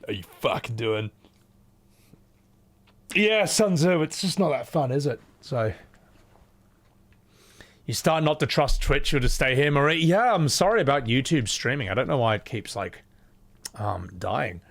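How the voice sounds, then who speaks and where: Lively gravelly male streamer, put-on Scottish. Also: medium pitch, moderate pace, pauses often. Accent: exaggerated put-on Scottish. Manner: chatty and animated, swears freely, thanks chat often. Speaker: streamer playing a horror game. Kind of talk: casual live-stream chat with viewers.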